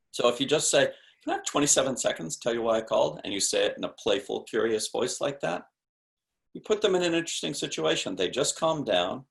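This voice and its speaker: A man's voice: lowish voice, creaky, fairly bright tone. A man speaking as a sales expert guest in a podcast interview, explaining in an emphatic, punchy coaching tone with rhetorical questions.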